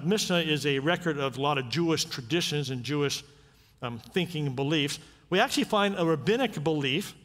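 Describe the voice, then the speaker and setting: A male pastor preaching in a conversational, animated style, his fairly high voice swinging widely in pitch. He keeps checking in with rhetorical questions. The sound carries a long reverb from a church hall. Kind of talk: sermon.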